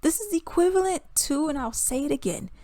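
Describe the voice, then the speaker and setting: A woman giving a casual commentary rant to her viewers. She sounds animated and exasperated and laughs between points. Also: sits high, brisk, no room sound. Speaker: commentary vlogger.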